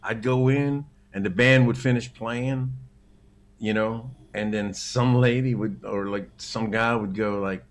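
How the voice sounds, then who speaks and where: A man's voice: fairly low pitch, steady tone, a little slow. Laughing, laid-back male storyteller. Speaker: guest guitarist. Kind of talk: casual storytelling chat.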